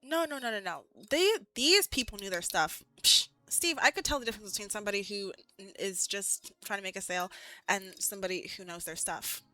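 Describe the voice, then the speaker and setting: A woman's voice: mid-range voice, a little fast, pushed and bright, soft background music. A woman streaming live, chatting casually with viewers in a rambling, giggly way, full of "like".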